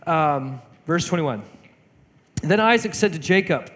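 A man preaching in a relaxed, chatty way, retelling an old story as if gossiping with friends. His voice sits a little high for a man, and a long reverb trails each phrase. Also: measured pace. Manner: chatty, conversational, acts out voices of characters. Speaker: pastor. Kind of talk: casual sermon retelling scripture. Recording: hall reverb.

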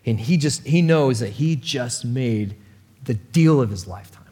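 Animated storytelling pastor. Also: male voice, mid-range voice, a little slow, slightly rough, in a large hall. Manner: animated, conversational. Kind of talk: sermon with storytelling.

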